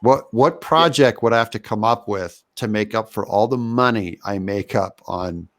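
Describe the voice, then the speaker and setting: A man's voice: on the low side, normal speed. A male guest in a casual podcast chat, joking dryly and thinking aloud. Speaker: guest, comic creator.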